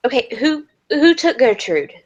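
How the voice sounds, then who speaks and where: Woman player in a dnd session, asking stuff in character, lively up and down voice. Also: sits high, unhurried, muffled recording. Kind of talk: in-character tabletop play.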